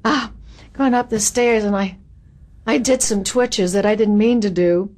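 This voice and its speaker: An older woman, an actress, telling animated and self-mocking anecdotes from her career in an interview, laughing at her own stories. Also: mid-range voice, a little slow.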